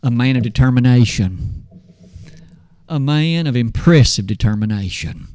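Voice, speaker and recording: A man's voice: animated, a little slow, mellow, dry recording. Dry-voiced male preacher, rhetorical. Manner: rhetorical questions, dramatic pitch swings when quoting scripture. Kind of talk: sermon.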